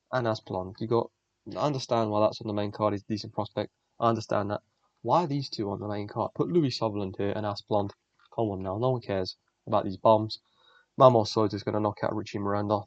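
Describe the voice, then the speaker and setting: A man's voice: on the low side, fast talker, no room sound. A young man, the host, giving blunt, profane, rambling fight predictions in casual solo commentary. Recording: dull lo-fi dry recording.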